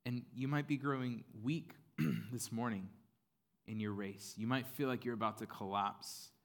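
A male pastor preaching in a relaxed, chatty way, full of "like" and "you know." His pitch sits in an ordinary middle range, neither deep nor high. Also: moderate pace. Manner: casual, conversational preaching with fillers and playful acted-out voices. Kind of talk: sermon.

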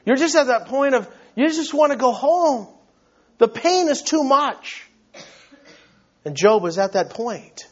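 A man's voice: very high voice, animated, unhurried. A male pastor preaching a sermon, earnest and emphatic, often repeating words as he builds his point, on a dull, lo-fi recording.

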